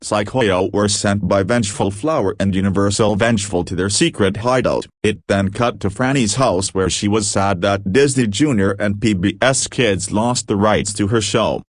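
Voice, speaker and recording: A man with a fairly low voice reads his homemade horror fan story aloud in a flat, even way. The sound is close and dry, with almost no room around it. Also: moderate pace, hardly any pauses, no room sound. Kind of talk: amateur fan-story narration.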